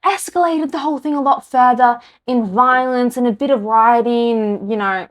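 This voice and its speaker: Australian woman, fairly high voice, heated and exasperated, blunt political rant. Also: normal speed. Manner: heated, exasperated, speaks her mind bluntly. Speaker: podcast host.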